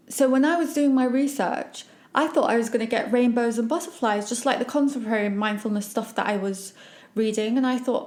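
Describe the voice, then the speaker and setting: A woman hosts a podcast and recounts her own experiences. She speaks emphatically and animatedly, with a slightly high voice. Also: normal speed. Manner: emphatic, animated, acts out quoted remarks. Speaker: podcast host. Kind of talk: personal storytelling.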